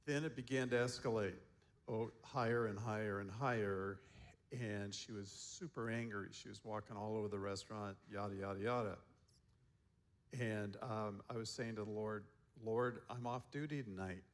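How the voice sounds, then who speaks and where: A man giving a seminar talk as a counselor, telling stories in a relaxed way and chuckling often. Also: fairly low pitch, moderate pace. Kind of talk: storytelling talk to a seminar group.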